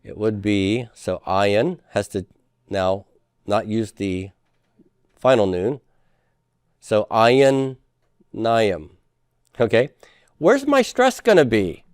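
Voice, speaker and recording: A man's voice: fairly low pitch, big pitch swings, slow, long pauses, clean tone, no room sound, studio quality. A man teaching a class in a lecture style, explaining step by step and often checking with the students. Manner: explanatory, asks checking questions, frequent fillers.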